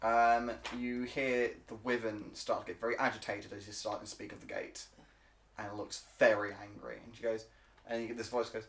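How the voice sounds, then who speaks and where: A man narrating as game master of a tabletop game, halting and full of filler words. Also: mid-range voice, little pitch movement, a bit bright. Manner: halting, full of ums and uhs.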